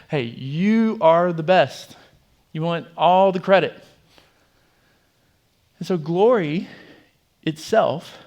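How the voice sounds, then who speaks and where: A man preaching a sermon as pastor, in a conversational way with frequent fillers and restarts. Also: on the high side. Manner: conversational, with fillers and repeated words. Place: church.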